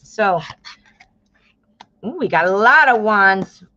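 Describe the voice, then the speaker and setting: A woman in her fifties giving a live-stream tarot reading, chatty and excitable, often breaking into exclamations. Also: medium pitch, slow pace, no echo, muffled recording. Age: 50s. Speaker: tarot reader.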